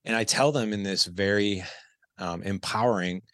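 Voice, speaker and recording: A man's voice: lowish voice, normal speed, a bit bright, no room sound, clean studio sound. A man in his thirties, a podcast guest, telling a candid personal story and acting out the dialogue. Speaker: podcast guest, parenting coach. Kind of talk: casual storytelling interview.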